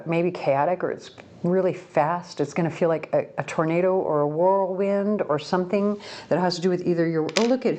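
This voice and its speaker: A woman's voice: on the low side, darkish tone. A woman giving a casual pick-a-card tarot reading at home, talking in a chatty, rambling way and often correcting herself. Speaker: tarot reader. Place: home room by a window.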